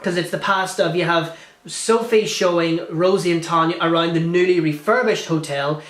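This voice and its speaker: Man, casual film review, rambling restarts, enthusiastic, slightly high voice. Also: moderate pace, fairly bright tone, reverberant. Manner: gushing, rambling with many restarts and fillers.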